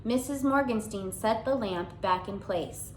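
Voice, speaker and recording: A woman reading a children's chapter book aloud, narrating gently in the first person. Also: medium pitch, a little slow, echoey room, a little hiss or hum, rough recording. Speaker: audiobook reader.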